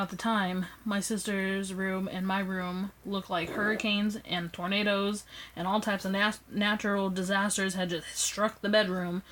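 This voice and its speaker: A young woman casually telling a personal story to her phone camera, animated and acting out what people said. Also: poor audio. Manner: animated, acts out quoted lines with raised pitch. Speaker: vlogger.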